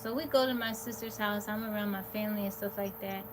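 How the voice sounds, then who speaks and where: A woman's voice: mid-range voice, fairly even intonation, fast, few pauses. A woman hosting a livestream, casually telling a personal story in a rambling, candid way and quoting what people said. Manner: candid, rambling, quotes herself and others. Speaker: livestream host. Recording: noisy background.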